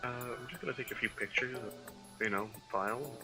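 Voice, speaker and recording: A man plays a tabletop game, asking questions hesitantly and stumbling over his words. His voice is bright and sharp at a middle pitch, with faint music behind it. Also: brisk, low-quality recording. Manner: hesitant, lots of fillers and restarts. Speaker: player. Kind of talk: playing a tabletop game in character.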